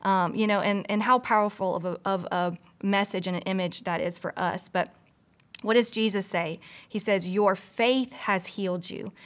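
A woman from a church staff giving a casual, earnest devotional, full of "you know" asides. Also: mid-range voice. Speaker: church pastor or staff member. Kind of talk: conversational devotional teaching.

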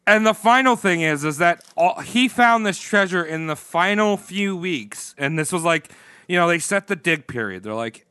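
A man's voice: on the high side, a little slow, bright, forceful tone, clean tone, no room sound. A man hosting a podcast, telling a history story in loose, jokey casual chat, laughing and swearing often. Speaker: podcast host.

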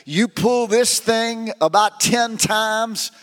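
A man putting on a folksy, plain-spoken seller pitching an old lawnmower. His voice is high, and it echoes through a large hall with long reverb. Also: slow, a bit bright, soft background music. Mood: joking.

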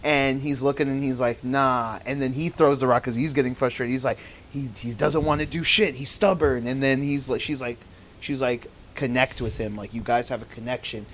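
A man in casual chat, retelling show scenes with lively acted-out quotes and some swearing. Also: mid-range voice, normal speed, slight background noise.

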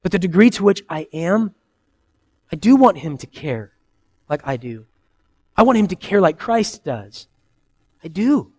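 A man in his thirties preaching a sermon, earnest and conversational, swinging between loud emphasis and soft, quiet asides. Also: high voice, very animated, measured pace, long pauses, husky. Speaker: pastor.

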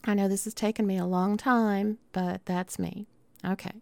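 A middle-aged woman with a Southern drawl talks straight to her listeners in a loose, chatty podcast monologue. She rambles warmly, doubles back and restarts her sentences. Her voice sits in a middle register, and the recording is close and dry with no room sound. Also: medium pitch, flat delivery, moderate pace, vocal fry, no room sound. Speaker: podcast host. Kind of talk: casual monologue.

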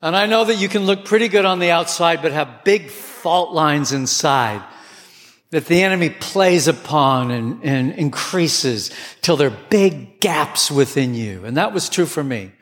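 A man preaching a sermon with passion, his voice climbing to near shouts at times. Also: fairly high pitch, animated, a little slow. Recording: long hall reverb.

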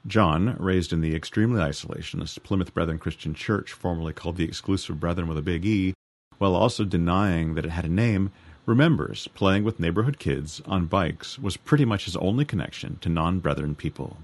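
Podcast host, deep male voice, dry close sound, measured and wry. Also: dry recording. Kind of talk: casual chat and scripted narration.

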